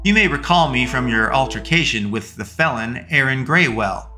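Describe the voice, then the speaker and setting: A man's voice: medium pitch, expressive, moderate pace, bright, forceful tone, faint music behind. A man voicing a female sheriff's deputy who speaks in an overly projected, businesslike way. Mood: urgent.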